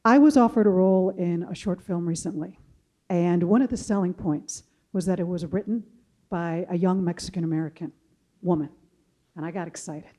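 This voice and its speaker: A woman from Chicago speaks on a panel with a low, mellow voice. She tells her story in a measured, steady way. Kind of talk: casual panel discussion.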